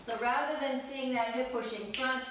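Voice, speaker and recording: A woman's voice: sits high, fairly even intonation, normal speed, a bit bright, a little hiss or hum. A woman teaching a belly dance class, counting steps aloud in an upbeat, playful way and laughing often. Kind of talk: live online dance class instruction. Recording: echoey room, mic far off.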